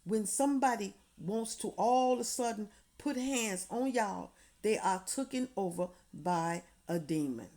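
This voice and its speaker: Emphatic woman with a warm voice. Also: medium pitch, expressive, a little slow, few pauses. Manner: emphatic, repetitive, preaching tone. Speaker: vlogger giving advice. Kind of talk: impassioned direct-to-camera advice.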